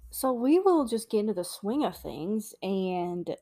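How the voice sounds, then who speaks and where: Young female co-host, relaxed and apologetic, dry close sound. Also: mid-range voice, a little slow, dry recording. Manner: laid-back, apologetic, trails off softly. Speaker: podcast co-host. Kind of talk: casual chat.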